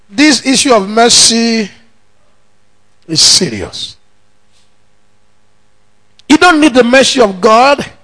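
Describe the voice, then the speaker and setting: A man preaches in a church, his voice very high and bright with a gravelly edge. He talks slowly and with wide swings in pitch. He moves from emphatic teaching into shouted declarations. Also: very animated, low-quality recording. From Nigeria. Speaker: pastor. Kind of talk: sermon.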